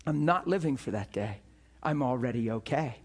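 A man preaching a sermon as a pastor, telling a personal story in an animated way, often breaking into laughter and repeating words as he goes. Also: mid-range voice, normal speed, husky.

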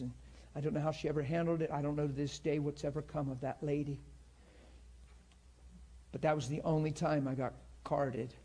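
A middle-aged pastor preaches through a personal story, his slightly raised voice full of feeling. He acts out each person's lines as he tells it, swinging between hushed moments and louder bursts. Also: a little high, flat delivery, brisk, pauses often. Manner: emotional, acts out both sides of a story. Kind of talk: sermon storytelling.

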